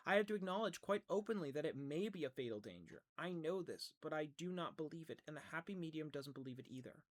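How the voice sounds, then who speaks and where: A man's voice: lively intonation, fast. A man reading as a stern otherworldly woman. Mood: lecturing. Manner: lecturing, emphatic, slightly raised pitch. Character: ancient otherworldly woman, firm and lecturing.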